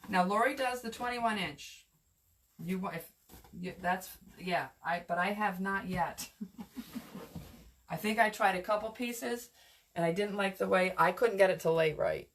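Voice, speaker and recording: A woman's voice: medium pitch, a little slow, pauses often, a little hiss or hum. A woman giving a casual, rambling live craft lesson on wreath making, chatting with viewers and answering their comments as she works.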